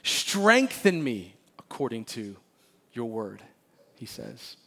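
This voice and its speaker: A man preaching a sermon as pastor of a church, animated and emphatic, often repeating phrases and playfully acting out Bible characters. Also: mid-range voice, slow pace. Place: church sanctuary.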